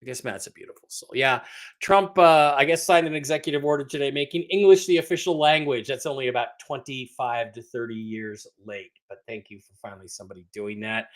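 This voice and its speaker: A man with a mid-range, brisk voice hosts a casual livestream. He greets viewers in the chat and teases them in a rambling way.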